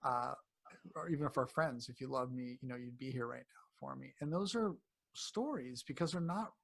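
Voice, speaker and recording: A man being interviewed as a health coach, speaking casually and acting out quotes in animated voices. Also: mid-range voice, normal speed, gravelly. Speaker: cancer coach guest.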